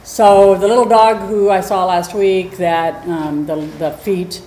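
A woman dog trainer teaching a class in a chatty, animated way, acting out little scenes as she explains. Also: fairly low pitch, a little slow. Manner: animated, chatty, acts out quotes. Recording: roomy echo, faint noise.

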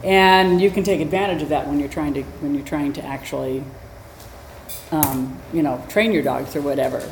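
A woman dog trainer teaching a class in a chatty, animated way, acting out little scenes as she explains. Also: low voice, normal speed. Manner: animated, chatty, acts out quotes. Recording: roomy echo, faint noise.

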